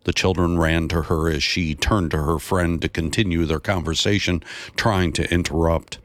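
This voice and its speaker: Deep-voiced man narrating a Bible story. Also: no echo. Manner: measured, steady storytelling. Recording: dry, close voice.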